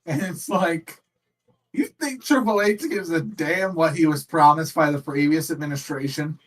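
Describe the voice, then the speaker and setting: A man co-hosting a wrestling watch-along stream, opinionated and animated, laughing often. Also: on the high side, measured pace. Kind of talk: casual livestream chat. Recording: voice sits distant from the mic.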